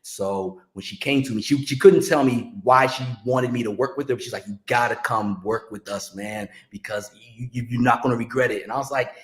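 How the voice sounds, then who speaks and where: A man telling a story in casual chat, animated and acting out other people's lines. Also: mid-range voice, fairly quick, hardly any pauses. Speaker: podcast guest, music industry veteran. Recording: roomy echo.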